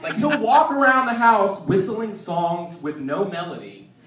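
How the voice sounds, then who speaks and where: A man's voice: high-pitched, lively intonation, unhurried, a bit bright. A man performing a stand-up comedy set, telling loose, profane stories with lots of fillers. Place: comedy venue stage. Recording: echoey room, distant mic, noisy.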